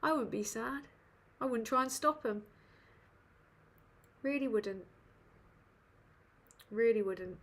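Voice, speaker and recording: Her voice sits on the high side, and she talks slowly, pausing often. As host of a casual live Q&A, this woman from northern England rambles, curses and makes fun of herself.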